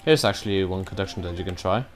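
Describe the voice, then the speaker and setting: A man's voice: deep voice, fast, soft background music. A man giving casual, rambling commentary while he plays a video game, cursing now and then at his own mistakes. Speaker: let's play gamer.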